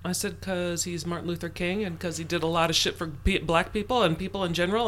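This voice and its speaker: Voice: mid-range voice, fairly even intonation, fast, few pauses, fairly bright tone. An adult telling a personal story in a casual chat, acting out the quoted dialogue with lots of swearing.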